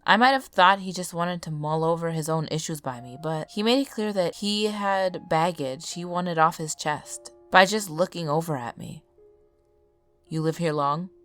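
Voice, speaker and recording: A woman reading a scripted horror story aloud in a calm, measured way, as the channel's narrator. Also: on the low side. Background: faint background music.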